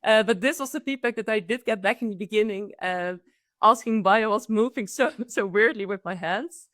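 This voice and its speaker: A woman's voice: mid-range voice, moderate pace, a bit bright, dry recording, studio quality. A woman with a Dutch accent, talking enthusiastically as a guest in an interview and often restarting her sentences. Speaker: guest, AI consultant. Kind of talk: conversational interview.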